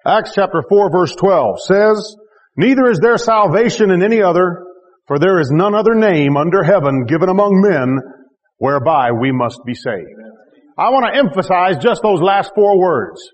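A man's voice: high voice, animated, moderate pace, long reverb tail. A man pastor preaching a sermon to his congregation, emphatic and repetitive, with joking asides. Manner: emphatic, repeats key phrases with rising intensity. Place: church.

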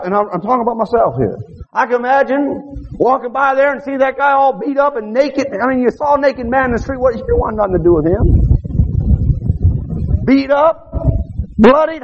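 A man's voice: very high-pitched, expressive, normal speed, highs cut off, noisy background. A middle-aged man preaching a sermon in a folksy way, calling out to his congregation and acting out characters in quoted asides. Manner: folksy, calls out "Huh?" to the congregation.

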